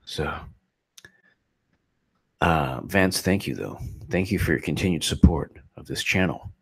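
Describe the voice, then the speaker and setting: A man's voice: very deep voice, measured pace, vocal fry, husky. A man hosting a casual political livestream, who thanks his viewers at length in an effusive way.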